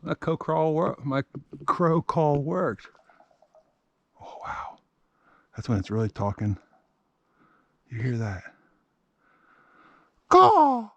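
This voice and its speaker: A man narrating a casual hike vlog outdoors on a wooded trail. He talks slowly and wryly to himself and breaks into loud crow calls. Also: mid-range voice, expressive, muffled recording. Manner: slow, wry self-talk with loud crow calls.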